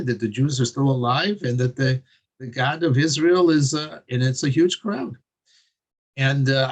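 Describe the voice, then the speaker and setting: A man telling a religious story in an earnest, conversational way with many pauses. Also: medium pitch.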